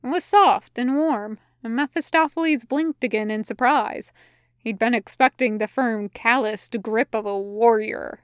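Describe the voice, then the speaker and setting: A young woman with a smooth, slightly high voice reads a story at a slow, careful pace and later gushes casually about it, with plenty of fillers. The recording is close and dry. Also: no echo. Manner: gushing, with fillers in the afterword. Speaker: fan fiction reader. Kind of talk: storybook narration, then casual afterword chat.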